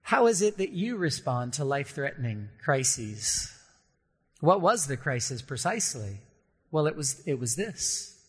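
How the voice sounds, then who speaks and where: A man preaching a sermon in an earnest way, slowing down to stress key points and briefly acting out the voices he quotes. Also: mid-range voice, sing-song, husky, in a large hall. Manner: earnest, slows down for emphasis, acts out quoted voices. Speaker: pastor.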